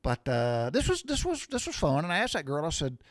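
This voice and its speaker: A man's voice: fairly high pitch, wildly swooping pitch, a little fast, dry recording, studio quality. Rambling folksy man in his sixties. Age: 60s. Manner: rambling and folksy, wanders off topic. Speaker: vlogger. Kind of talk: casual chat.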